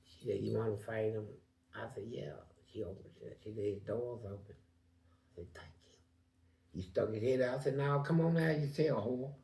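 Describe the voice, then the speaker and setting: A man with a gravelly, rough voice spins a casual story, acting out every voice in it and swinging from loud bursts to hushed murmurs. His voice rings in an echoey room. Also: lowish voice, moderate pace. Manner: animated, acts out quoted voices, swings loud and quiet.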